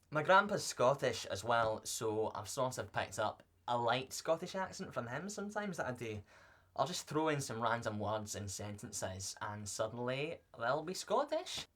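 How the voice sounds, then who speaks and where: A man's voice: medium pitch, fairly bright tone. A young man playing a vlogger who answers viewer questions in a scripted, in-character video. He talks in a playful, joking way and rambles into asides.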